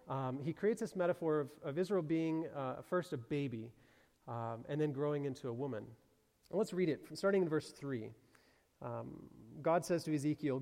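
A slightly high-voiced man gives a sermon, talking it through conversationally and reading passages aloud. His voice rings with the long reverb of a large hall. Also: darkish tone. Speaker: preacher.

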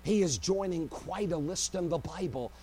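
Husky, impassioned preacher man. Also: on the high side, normal speed. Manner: impassioned, swings from shouting to hushed. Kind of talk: sermon.

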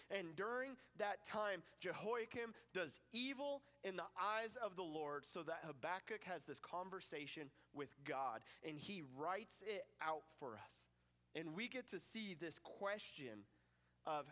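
A man giving a lively sermon with playful asides, preaching to a gathering. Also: high voice, a little slow. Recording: reverberant hall.

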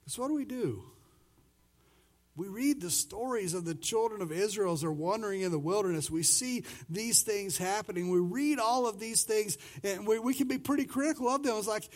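A pastor preaching a conversational sermon who swings between loud and soft passages and acts out the voices he quotes. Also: high-pitched, animated, fairly quick.

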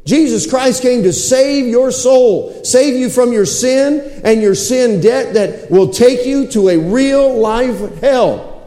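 A man preaching a sermon, telling a scripture story with lively acted-out quotes. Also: high-pitched, unhurried, reverberant, in a large hall.

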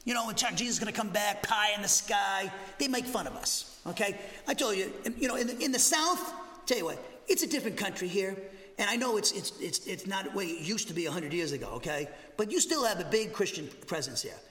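A male pastor from New teaching a Bible lesson, animated and conversational, with jokey asides and frequent "okay?". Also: high-pitched, fairly quick. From Massachusetts, USA. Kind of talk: expository Bible teaching sermon. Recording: roomy hall reverb.

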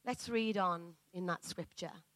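A woman's voice: fairly low pitch, unhurried, a bit bright, no echo, rough recording. A woman preacher giving a sermon, reading scripture and building to fervent, earnest emphasis. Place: church.

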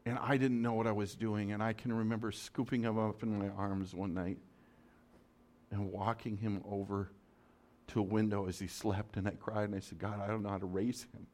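A man preaching a sermon as a story, dramatic, moving from loud urgency to soft, hushed lines. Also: on the low side, flat delivery, moderate pace. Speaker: pastor.

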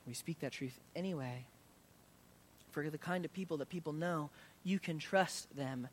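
An earnest male pastor preaching with a fairly high voice. He swells with intensity, then drops soft into prayer. A faint rumble sits under the recording. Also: normal speed. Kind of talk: sermon.

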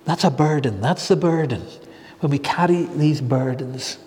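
Man preaching, fairly high voice, very slow and earnest, long hall reverb. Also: a little mellow. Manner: earnest, slow and measured with emphatic pauses. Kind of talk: sermon.

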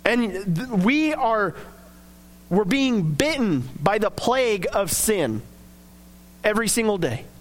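A young man preaches with a strikingly high voice, earnest and conversational. He slips into acted quotes and back to plain talk, keeping it personal and direct. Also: very animated, slow pace, long pauses. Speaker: pastor. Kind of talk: sermon.

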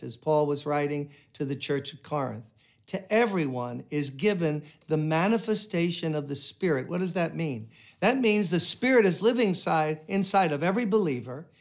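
An older man preaching a sermon, earnest and emphatic, breaking into prayer now and then. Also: high voice. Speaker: pastor.

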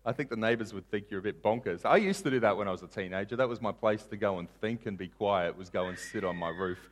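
A male pastor preaching a sermon, retelling a Bible story in casual modern terms and acting out the characters with big swings in loudness. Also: fairly low pitch, quick pace.

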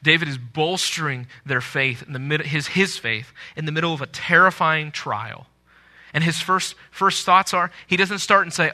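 A man preaching a sermon to a congregation, earnest, swelling loud on scripture quotes and dropping low at the ends of phrases. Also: normal speed. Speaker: pastor.

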